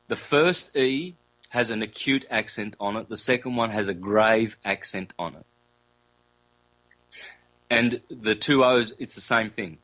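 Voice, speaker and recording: A man, a guest in an interview, explaining at length in a loose conversational way, often repeating himself and sounding out vowels slowly. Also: mid-range voice, a bit bright, low-quality recording. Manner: loose, conversational, with fillers and self-corrections.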